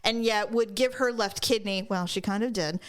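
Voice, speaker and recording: A woman co-hosting a podcast, telling a long story in a casual, animated way with plenty of swearing. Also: medium pitch, moderate pace, smooth, faint music behind. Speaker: podcast co-host.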